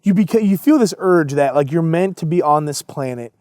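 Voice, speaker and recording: A young man with a fairly high voice tells his story in a relaxed interview, playing out both sides of old arguments. His voice is recorded up close and dry, with no room sound. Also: a little fast, no echo. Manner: animated storyteller acting out both sides of conversations. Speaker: entrepreneur guest.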